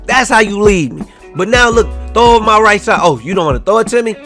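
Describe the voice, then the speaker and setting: A young man giving casual, animated commentary over a football video game, trash-talking and half-singing his asides. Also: sits high, fast. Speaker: gaming YouTuber. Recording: faint music behind.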